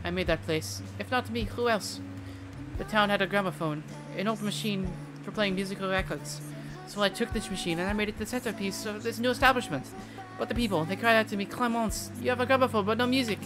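A stylish, self-proud cafe owner with a thick French accent and a grand, unhurried way of telling a story, as a streamer puts on the voice. The voice sits a little higher than the streamer's usual talk. Game music plays clearly underneath. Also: close to an everyday voice. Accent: put-on French.

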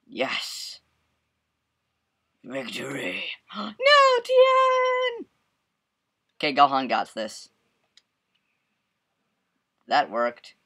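Excitable male let's-play commentator with a bright, sharp tone; yelps, laughs and hums while he plays. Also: mid-range voice, drawn-out words, pauses often, slightly rough. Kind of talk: casual gameplay commentary.

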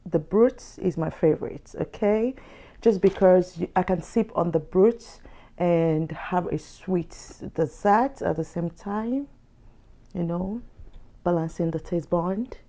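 A woman's voice: on the low side, slow pace, mellow. A young woman vlogger unboxing gifts, exclaiming and gasping over each one. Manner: gushing, lots of exclamations and gasps. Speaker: lifestyle vlogger. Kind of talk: excited unboxing vlog.

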